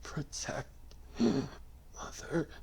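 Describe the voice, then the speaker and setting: A man voicing a dying young male swordsman who gasps and coughs in broken, breathy whispers. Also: drawn-out words, a little mellow. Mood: fading.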